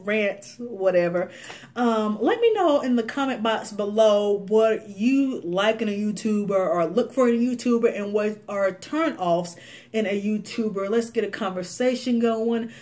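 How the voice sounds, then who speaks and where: Young woman, beauty vlogger, casual rant, animated, laughs a lot, mid-pitched voice. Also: unhurried. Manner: animated, laughs often, many fillers.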